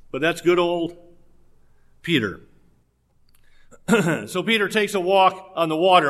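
A man's voice: on the high side, fairly bright tone. A man preaching a sermon in a conversational way, with humorous asides.

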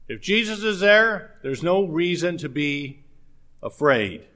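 A man's voice: sits high, animated, unhurried, pushed and bright. A man preaching a sermon in a conversational way, with humorous asides.

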